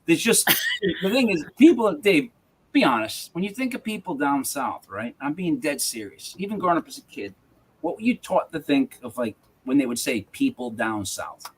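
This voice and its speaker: A man with a slightly high, very lively voice co-hosts a live talk show. He rambles through jokey tangents in a loose, casual way. His pitch swings up and down a lot as he goes. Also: moderate pace, husky. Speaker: co-host of a live paranormal news show. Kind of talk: casual chat.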